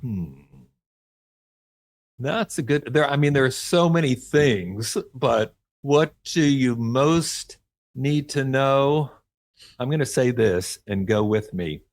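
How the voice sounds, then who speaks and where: A man's voice: mid-range voice, lively intonation, takes it slowly, dry recording. A man from Oklahoma, an author talking as a guest in a radio interview, earnest and encouraging, with frequent light laughs. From Oklahoma, USA.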